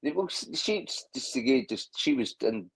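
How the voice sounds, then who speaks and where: Husky man rambling in casual chat. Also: medium pitch, sing-song, normal speed, low-quality recording. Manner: rambling, frequent restarts and swearing. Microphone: video call.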